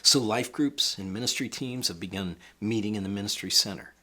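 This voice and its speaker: A man preaching a video sermon, leaning hard on key words as he reads scripture. His voice is low, bright and forceful, with a husky edge. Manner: emphatic, measured scripture reading. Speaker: pastor.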